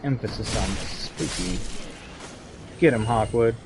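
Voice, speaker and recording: A man's voice: on the low side, a little slow, background noise. A young man streaming a video game, chatting casually with his viewers and cheering on his in-game companion. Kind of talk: casual gameplay commentary.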